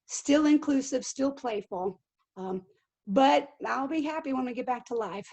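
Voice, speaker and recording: A middle-aged woman, a living history actress, answering interview questions in an animated way and acting out quotes. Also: high voice, a little slow. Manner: animated, acts out quotes and accents.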